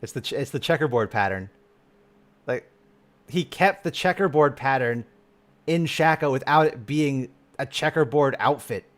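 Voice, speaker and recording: A man's voice: medium pitch, lively intonation, moderate pace. Guy streaming and reacting, gets hyped, swears a lot, trails off and restarts. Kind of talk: casual live-stream chat.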